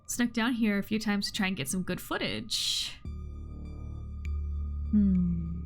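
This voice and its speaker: A woman's voice: mid-range voice, takes it slowly, soft background music. A woman voicing a chipper ghost hunter. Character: adult woman, chipper ghost-hunting vlogger, spooky-obsessed. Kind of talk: voicing a visual novel character.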